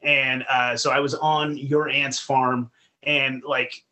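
A man, a podcast guest, telling stories in casual chat, profane and animated. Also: medium pitch, slow pace.

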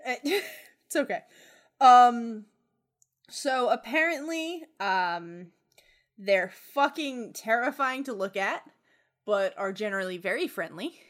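A woman's voice: a little high, lively intonation, slow pace, fairly bright tone. A young woman casually retelling a legend on a podcast, rambling, swearing freely and giggling. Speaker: podcast co-host. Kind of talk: casual storytelling.

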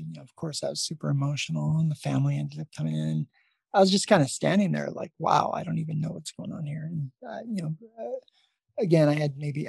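A man with a gravelly, husky voice tells a story from his nursing life in a loose, rambling way, often restarting his sentences. The sound is dry and close. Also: fairly high pitch, a little mellow, no echo. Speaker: nurse and podcast host. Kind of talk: casual interview storytelling.

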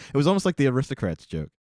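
Animated man telling a joke. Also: medium pitch, fast talker, dry recording, clean studio sound. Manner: animated, laughing, acts out voices. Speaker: podcast guest.

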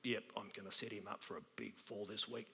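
A preacher drops his voice into a sneering, cranky old God plotting in a low, hushed mutter. The voice is deep and quiet. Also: fairly even intonation, a little fast, vocal fry. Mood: scheming.

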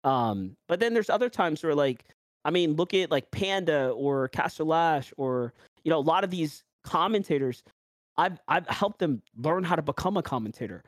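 A commentator with a New York accent tells lively stories on his casual podcast, voicing quotes and peppering his speech with fillers. He speaks at a normal speed in a slightly high register, and the recording is dry and studio quality.

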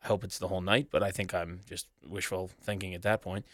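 A man co-hosting a casual podcast, reading through a long list of names with a bright, forward tone. The sound is dry and close, with no room around it. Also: sits low, little pitch movement, quick pace, no echo. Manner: profane, rattles off long lists. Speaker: podcast co-host.

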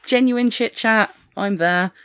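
A woman's voice: fairly high pitch, takes it slowly, a bit bright, smooth. A woman with a British accent, a playful and jokey podcast guest chatting casually. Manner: playful, jokey, laughs often. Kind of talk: casual chat.

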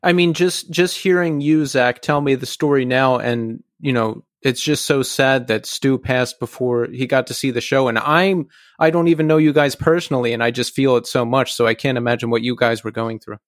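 A man's voice: mid-range voice, fairly even intonation, normal speed, hardly any pauses, no echo, studio quality. A man hosting a casual podcast interview, responding with sympathetic, reflective remarks and steering to the next topic. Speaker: podcast host.

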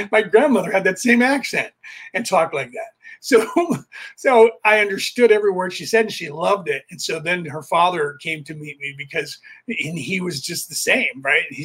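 A man's voice: a little high, fairly bright tone, slightly rough. A middle-aged American man talking in a rambling, casual monologue as a podcast host, full of fillers and restarts. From United States.

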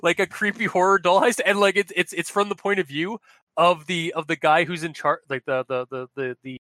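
Chatty male podcast host, bright forceful voice, rambling, dry close sound. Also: high voice, fairly even intonation, fairly quick, dry recording. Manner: rambling, many restarts and laughs. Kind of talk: casual chat.

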